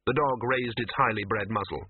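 A man's voice: fairly low pitch, normal speed, breathy edge, no room sound. A man narrating a story as an audiobook reading, in a wry, dry storytelling manner. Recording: dry, tinny phone-like sound.

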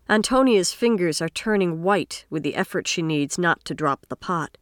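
Woman narrator, lowish voice, dry close sound, measured and expressive audiobook reading. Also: no echo. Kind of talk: scripted narration.

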